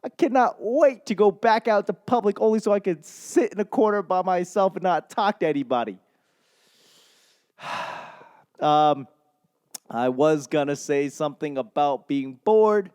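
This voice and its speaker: This young stand-up comic from Boston talks in a high, expressive, clean voice with a darkish edge, unhurried and full of pauses. On his solo podcast he rambles, curses often, and drifts off mid-thought.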